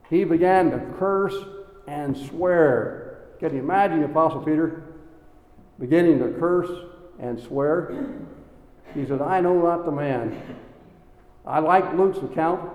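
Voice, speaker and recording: A man's voice: sits high, darkish tone. A man preaching a sermon, folksy, acting out the people in his stories with quoted voices. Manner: acts out Bible figures in quoted voices, folksy asides. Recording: echoey hall with long reverb.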